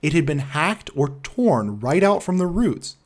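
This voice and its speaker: Man, audiobook narrator, classic story, expressive, animated pitch, slightly high voice. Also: unhurried.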